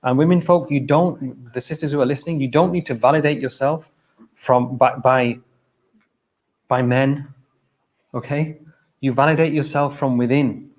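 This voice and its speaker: A man gives a relaxed, chatty talk to a mosque gathering. He often repeats his key phrases and keeps asking "okay?" as he goes. His voice sits at an ordinary, middling pitch for a man. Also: normal speed, long pauses, poor audio. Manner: conversational, repeats himself, keeps checking in with "okay?". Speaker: mosque speaker. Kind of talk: informal religious talk.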